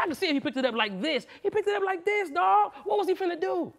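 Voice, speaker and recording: A man playing a defense attorney in an improvised comedy courtroom, arguing in a heated, animated and slangy way. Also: extremely high pitch, quick pace. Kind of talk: improvised comic courtroom argument.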